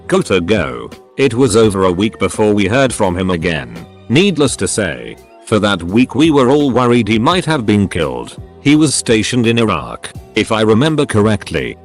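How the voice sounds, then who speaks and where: A man with a fairly low voice reads short stories aloud in a scripted narration. His pitch moves a lot, rising and falling through each sentence. Faint music plays behind him. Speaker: narrator reading online stories. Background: faint background music.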